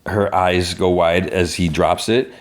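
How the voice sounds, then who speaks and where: A man with a very low voice hosts a podcast, casually walking through a TV episode scene by scene. He fills his retelling with "like" and loose restarts. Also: steady tone, a little slow. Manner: retells scenes with lots of "like" and "he's like". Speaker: podcast host.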